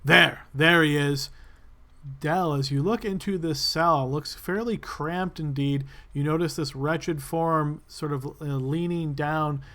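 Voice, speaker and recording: A man's voice: fairly high pitch, measured pace, hardly any pauses. A man narrating a tabletop game as game master, describing loosely with many fillers.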